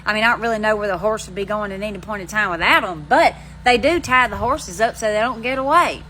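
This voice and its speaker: A woman's voice: mid-range voice, fast talker, sharp tone, a little hiss or hum, poor audio. A woman with an Alabama Southern accent, chatting casually to her phone while sitting outside on her front steps, rambling in folksy country slang. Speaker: vlogger. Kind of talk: casual chat to camera.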